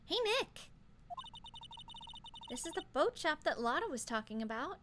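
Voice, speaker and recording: A woman streamer reading game dialogue aloud with expressive delivery. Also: high-pitched, moderate pace, noisy background. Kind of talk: playing a game with voiced dialogue.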